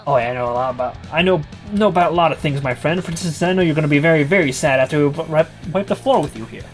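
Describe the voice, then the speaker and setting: Man doing a sneering dog troublemaker, loud, brash, taunting, raised pitch. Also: fast talker, faint music behind, lightly acted.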